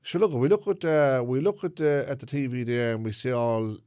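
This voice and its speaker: A man's voice: medium pitch, a little fast, warm tone, smooth, no room sound. Irish Traveller man, podcast co-host, rambling talker, dry close sound. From Ireland. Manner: rambling, checks in with "do you get what I'm saying". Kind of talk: casual chat.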